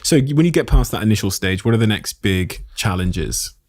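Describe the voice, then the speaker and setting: A man hosting a podcast, asking measured, reflective questions. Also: on the low side, animated, darkish tone, dry recording. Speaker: podcast host. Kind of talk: interview questioning.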